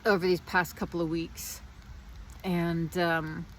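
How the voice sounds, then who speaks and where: A woman's voice: on the low side, flat delivery, slow, slight background noise. A woman vlogging outdoors in the rain, musing in a meandering, reflective way with many restarts. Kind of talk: casual spiritual reflection.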